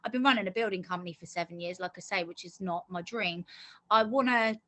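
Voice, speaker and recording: A woman's voice: on the low side, a little fast, pushed and bright. A middle-aged woman being interviewed about a course she finished, talking earnestly and at length, often restarting her sentences. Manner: earnest, talkative storytelling with many restarts. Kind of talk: casual interview.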